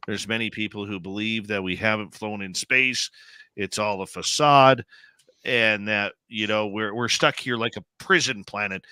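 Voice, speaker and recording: A man's voice: lowish voice, bright, forceful tone, slight background noise. A man hosting a radio talk show, asking questions with wry, joking asides. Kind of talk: casual interview talk.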